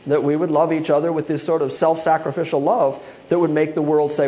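A man's voice: fairly high pitch, level tone, brisk, mellow. A male pastor preaching an expository sermon, acting out quoted voices and laughing often.

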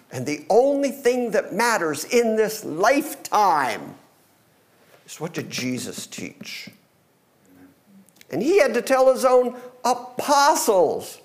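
A man's voice: high-pitched, huge pitch swings, slow pace, long pauses. A man preaching a sermon, emphatic and plain-spoken, with wry asides.

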